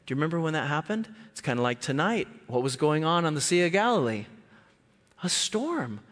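A man preaching a sermon as a guest speaker, animated and lively, often acting out voices. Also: normal speed. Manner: animated, acts out quoted voices with big pitch jumps. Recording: long hall reverb.

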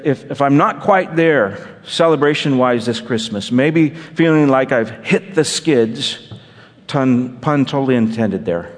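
Storytelling pastor in a reverberant church. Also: male voice, medium pitch. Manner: storytelling, self-deprecating humor, asides to congregation. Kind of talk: sermon with personal story.

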